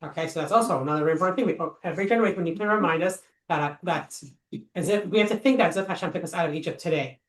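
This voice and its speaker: A woman's voice: on the low side, very fast. Woman, study-class teacher, chatty, rhetorical questions, roomy echo, distant mic. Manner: chatty, thinks aloud with many fillers and rhetorical questions. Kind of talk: informal text study class. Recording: echoey room, voice a bit far from the mic.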